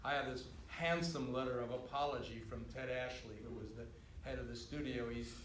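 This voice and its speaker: An older man, a writer-director on a film panel, recounting production stories in a measured, dry way at a screening Q&A. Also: mid-range voice, steady tone, a bit bright, slight background noise. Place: cinema auditorium. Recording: roomy, distant from the mic.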